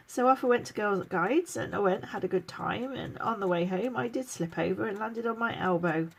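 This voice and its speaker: A woman's voice: mid-range voice, moderate pace, creaky, a little hiss or hum. Middle-aged English woman, casual vlog Q&A, chatty with frequent laughs, weary. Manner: chatty, laughs often, emotional at times. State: tired, chronically ill. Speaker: vlogger. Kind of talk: casual get-to-know-me Q&A.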